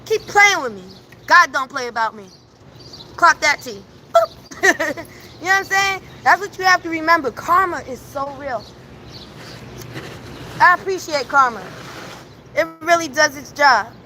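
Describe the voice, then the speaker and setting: A woman on a live stream, telling a story with emphatic, animated delivery and frequent laughter. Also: sits high, normal speed, pauses often, slight background noise. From New York. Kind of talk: casual storytelling on a livestream. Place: at home.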